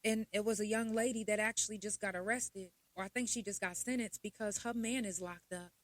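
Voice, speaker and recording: A young adult woman, hosting a podcast in a blunt, profane, animated casual monologue. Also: medium pitch, brisk, dry recording. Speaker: podcast host.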